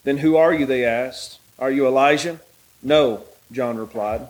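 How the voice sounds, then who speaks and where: A man leading a bible study, praying and reading scripture aloud in a relaxed, halting way with many fillers. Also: medium pitch, a little hiss or hum, low-quality recording. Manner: reads scripture aloud in a raised voice.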